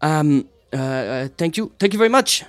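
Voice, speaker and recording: A man's voice: a little high, expressive, normal speed, no echo, voice pushed up, lightly acted. A man voicing a nervous, fidgety woman performer who stammers through her words. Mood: flustered. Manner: stammering, flustered.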